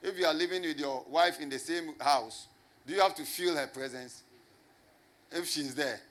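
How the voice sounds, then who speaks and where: A man preaching a sermon in a somewhat high voice. He leans hard on repetition and keeps asking the congregation questions. He slows right down to press home key words. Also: fairly bright tone. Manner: emphatic, repeats phrases and asks the congregation rhetorical questions. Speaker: pastor.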